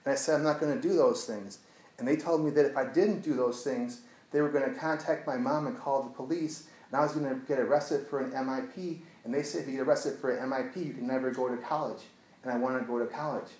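A man working as an addiction therapist, telling a client story to an audience in an earnest voice that drops to a hushed tone when he retells it. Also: medium pitch, fairly even intonation, fast, reverberant, poor audio.

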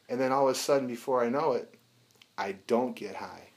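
Animated man teaching a recovery class. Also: medium pitch, fairly quick. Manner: animated, acts out dialogue, casual swearing. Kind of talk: teaching a group, storytelling.

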